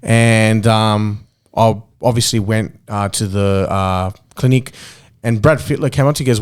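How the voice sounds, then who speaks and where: A man's voice: on the low side, fairly even intonation, unhurried, smooth. An Australian man co-hosting a podcast, telling stories casually with many fillers and laughs. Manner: chatty storyteller with lots of fillers and laughs. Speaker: podcast co-host. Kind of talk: casual chat.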